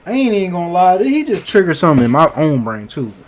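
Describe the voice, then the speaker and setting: A man's voice: sits high, sing-song, fast. A man casually reacting to a friend's story in plain, laid-back talk.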